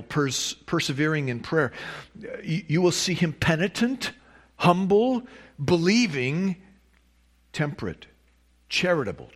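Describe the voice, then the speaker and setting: A man's voice: mid-range voice, breathy edge. A man preaching a sermon, reading a long quotation and stressing key words with emphatic rises. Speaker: pastor.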